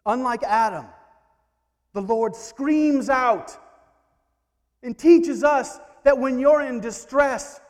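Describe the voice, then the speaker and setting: A male preacher delivering a fervent sermon, building to exhortation with quiet asides. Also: very high-pitched, slow pace, pauses often, in a large hall.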